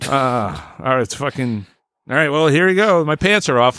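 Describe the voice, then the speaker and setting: A man's voice: mid-range voice, animated, normal speed, a bit bright, no echo, studio quality. A man hosting a comedy podcast, crude and joking, doing improv bits with his co-hosts. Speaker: podcast host.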